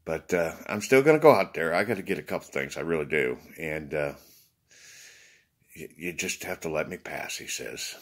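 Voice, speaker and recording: A man's voice: rumbling low, lively intonation, moderate pace. A man talking to viewers in a rambling, casual monologue, swearing freely, tired after a short night's sleep. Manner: rambling, swears freely, acts out quoted exchanges. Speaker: vlogger addressing viewers.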